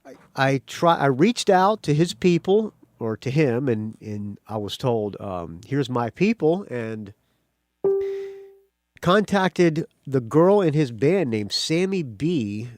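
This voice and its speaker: Excitable rambling American man, lively pitch. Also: slow. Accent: slight American country accent. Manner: rambling, excitable, swears freely. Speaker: podcast host. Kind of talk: casual solo intro.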